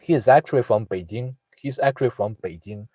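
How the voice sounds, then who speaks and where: A young man, telling a family story in casual talk with many pauses, fillers and restarts. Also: mid-range voice, dark tone, husky, dry recording, low-quality recording. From northeast China. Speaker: guest sharing a personal story.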